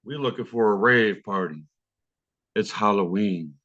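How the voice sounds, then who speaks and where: A man's voice: on the low side, unhurried, sharp tone, highs cut off. A man telling a profane, vivid street story at an online open mic, heard over a video call.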